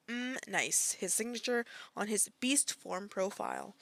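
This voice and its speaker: A woman's voice: a little high, animated, measured pace, few pauses, a bit bright, dry recording. A woman hosting a reaction video to camera, outraged and swearing, near tears. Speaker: reaction channel host. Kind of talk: reaction commentary. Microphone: facing a camera.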